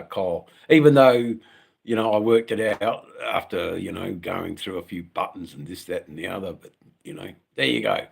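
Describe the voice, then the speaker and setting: A man's voice: on the low side, creaky. An Australian man from Western Australia, chatting casually at home on a live stream for his motorcycle channel, rambling with lots of ums and the odd swear word.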